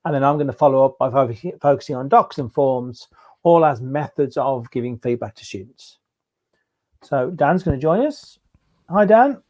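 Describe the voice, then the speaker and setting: Mellow-voiced man hosting a webinar. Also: mid-range voice, moderate pace. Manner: relaxed, informal, with fillers. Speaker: webinar host.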